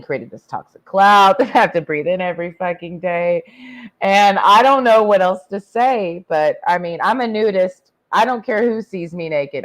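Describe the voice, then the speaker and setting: A woman livestreaming a blunt, crude, rambling rant while tipsy from drinking. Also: lowish voice. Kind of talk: profane ranting livestream monologue.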